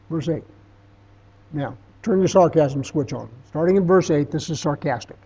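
A man's voice: fairly high pitch, normal speed, mellow, husky. A middle-aged man giving a conversational Bible teaching, telling stories and reading scripture aloud with emphasis. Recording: dull, lo-fi sound.

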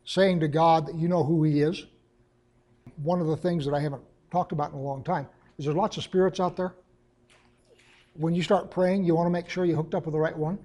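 A man leads a Bible lesson, reading passages aloud and then unpacking them in a relaxed, chatty way. His voice sits a little high but sounds warm and mellow. The solemn readings alternate with easygoing explanation. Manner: conversational asides between solemn readings. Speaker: Bible teacher.

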